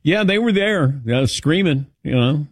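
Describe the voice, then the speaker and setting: Male show host with an animated, swooping delivery, recorded dry and close. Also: fairly high pitch, unhurried, no echo. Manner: animated storytelling, calls on co-hosts by name. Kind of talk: casual sports talk chat.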